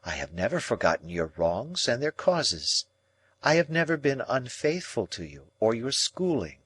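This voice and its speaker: A man reading an audiobook, voicing a proud, cool young woman who speaks in measured, cutting reasoning. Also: mid-range voice, sing-song, a bit bright, breathy edge, dry recording.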